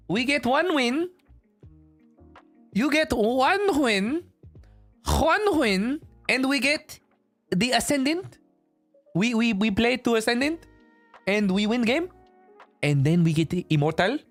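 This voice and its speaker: A man's voice: very high-pitched, big pitch swings, takes it slowly, hardly any pauses, sharp tone, dry recording, faint music behind, voice pushed up, full character voice. A man streamer doing a goofy hyped gamer in a made-up accent, in broken English, repeating himself insistently. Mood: pleading.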